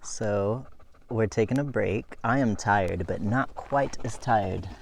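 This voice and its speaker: Guy out of breath biking uphill, filming on his phone, low voice, talks slow, laughs a lot. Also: gravelly, noisy background. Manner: chatty and breathless, laughing often. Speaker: cycling vlogger. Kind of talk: casual vlog while riding. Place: outdoors, riding a bike uphill. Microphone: phone camera held while cycling.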